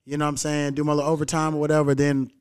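A young man hosting a casual podcast, laid-back and swearing freely, animated when he quotes other people. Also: fairly high pitch, racing, clean tone. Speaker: podcast host and comedian.

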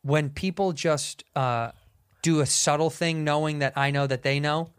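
Middle-aged dude cohosting a podcast, chatty, tells stories and does little quote voices. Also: male voice, a little high, moderate pace, smooth, dry recording, clean studio sound. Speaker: podcast co-host. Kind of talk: casual chat.

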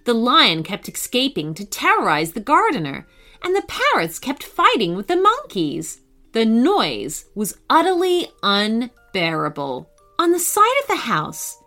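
A woman narrating a scripted children's story in an expressive, sing-song way. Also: on the high side. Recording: faint background music.

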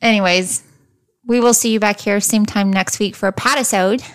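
A woman's voice: medium pitch, fairly even intonation, moderate pace. A woman co-hosting a true-crime podcast in casual, teasing chat, laughing often. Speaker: podcast co-host.

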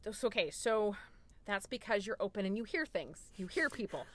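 A woman's voice: mid-range voice, expressive, normal speed, fairly bright tone, no room sound. A woman guest on a podcast, chatting casually in a rambling, self-deprecating way. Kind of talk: casual chat.

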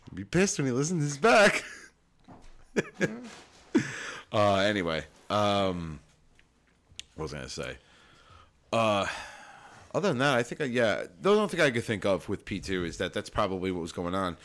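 A man co-hosting a casual podcast chat, animated and quick to laugh. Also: fairly low pitch. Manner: animated, mimics movie lines with laughs. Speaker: podcast co-host.

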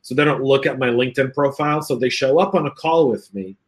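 A man's voice: medium pitch, fast talker. A man hosting a casual cybersecurity panel chat, reading out comments, joking and laughing often, with lots of fillers.

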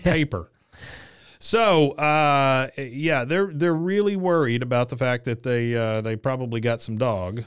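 A man with a smooth, resonant voice in an easygoing podcast chat. He talks at a mid pitch and fills his pauses with loose "uh"s. He drops in dry jokes as he recaps. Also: steady tone. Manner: laid-back, many "uh" fillers, adds wry jokes. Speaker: podcast co-host. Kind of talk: casual episode recap chat.

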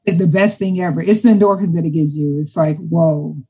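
A middle-aged woman, a guest in a casual interview, talking in a chatty, enthusiastic way and repeating words when excited. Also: sits low, brisk, slightly rough, low-quality recording. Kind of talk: casual conversation.

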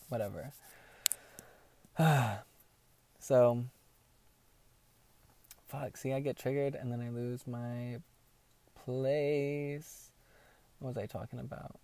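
A man's voice: mid-range voice, gravelly, dark tone. A young man hosting a podcast, telling a personal story in a candid, rambling way with lots of swearing and emotion. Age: young adult. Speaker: podcast host.

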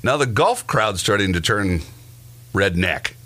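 A man with a very low voice, chatting casually as a podcast co-host. He reads out odd news stories and drops dry asides, chuckling at his own jokes. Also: animated, unhurried, pushed and bright. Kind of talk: casual chat, reading news items.

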